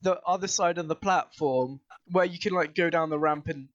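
A young man with a high voice rambles through a story, packing his sentences with filler words. The recording sounds dull and lo-fi, as if the top end were muffled. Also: normal speed, fairly bright tone, slight background noise. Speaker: podcast host. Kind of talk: casual storytelling chat.

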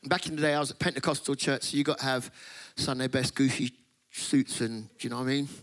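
A man's voice: mid-range voice, fast talker. A middle-aged man preaching a sermon, telling stories with laughter and acting out the voices of the people in them. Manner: animated, laughs often, acts out voices in stories. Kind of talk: sermon with comic storytelling.

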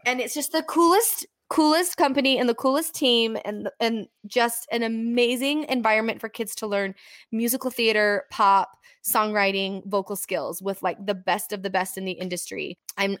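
A woman's voice: mid-range voice, fairly even intonation, moderate pace, fairly bright tone, no room sound, studio quality. A woman hosting a casual interview, bubbly and enthusiastic. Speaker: host.

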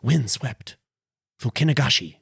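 A man hosting a podcast, speaking a casual eulogy to his plants. He rambles playfully, makes fun of himself, and swings between animated outbursts and quiet murmurs. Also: mid-range voice, unhurried, vocal fry, slightly rough, no echo, clean studio sound. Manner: playful and rambling, with self-mocking asides. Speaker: podcast host.

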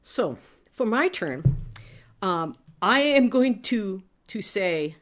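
A woman's voice: mid-range voice, animated, takes it slowly. A woman playing a tabletop game, speaking hesitantly as she describes her turn. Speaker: player.

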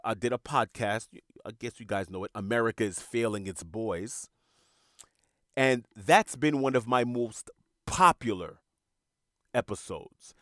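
A man's voice: on the low side, a bit bright, dry recording, clean studio sound. A man hosting a podcast, talking in an earnest, reflective monologue and repeating words as he searches for them. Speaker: podcast host.

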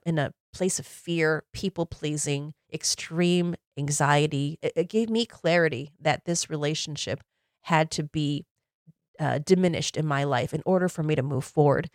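A woman in her forties talks through her own past in an earnest, reflective podcast voice. Her pitch sits low, and the recording is dry and close with no room sound. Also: dry recording. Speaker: podcast host. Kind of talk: personal storytelling podcast.

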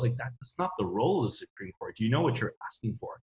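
A man's voice: medium pitch, fast, hardly any pauses. A man talking politics in a rambling, casual way, full of fillers and restarts. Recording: roomy, dull lo-fi sound.

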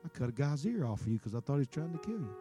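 A man voicing an earnest, plainspoken male disciple who insists on his loyalty, in a low, soft tone. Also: sing-song, very fast, music in the background, lightly acted. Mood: defensive.

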